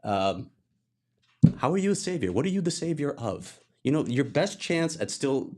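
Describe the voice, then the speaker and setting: A man's voice: a little high, big pitch swings, moderate pace, a little mellow. A man co-hosting a casual sports podcast, talking in a wry, blunt and exasperated way. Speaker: sports reporter and podcast co-host.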